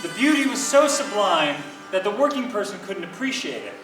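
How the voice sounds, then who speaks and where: A man's voice: sits high, big pitch swings, brisk, reverberant, far from the mic, music in the background, low-quality recording. A man speaking as a historian in an interview, critical and reflective. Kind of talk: interview commentary.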